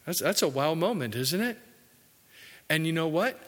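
A man preaching a sermon earnestly, his voice rising for emphasis and dropping low for asides. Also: expressive, moderate pace, a bit bright. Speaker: pastor. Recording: hall reverb.

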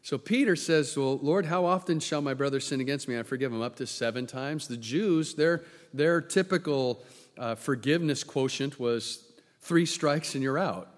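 Preacher in a reverberant hall. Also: male voice, mid-range voice, moderate pace. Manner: dramatic swings from loud to hushed, acts out quoted voices. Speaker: pastor. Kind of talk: sermon.

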